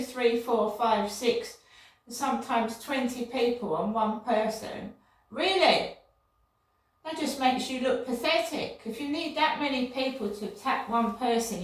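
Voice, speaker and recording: An older woman vlogging in a rambling, indignant monologue that often repeats itself. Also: fairly high pitch. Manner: indignant, repetitive, digressive. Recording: echoey room, distant from mic.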